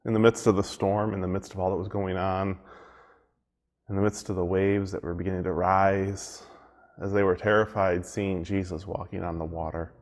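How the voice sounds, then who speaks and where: A man as pastor giving a devotional sermon, reflective and conversational, repeating phrases for emphasis. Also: low-pitched.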